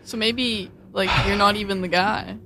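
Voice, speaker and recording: A young woman hosting a radio show, teasing her co-host with quick jokes. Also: medium pitch, steady tone, background noise. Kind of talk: casual chat.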